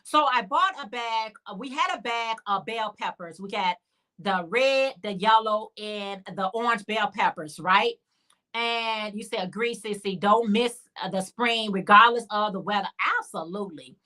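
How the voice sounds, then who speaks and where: A woman's voice: mid-range voice, normal speed, sharp tone. A woman hosting a casual crochet livestream, chatting and answering viewer comments. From Chicago area. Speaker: livestream host.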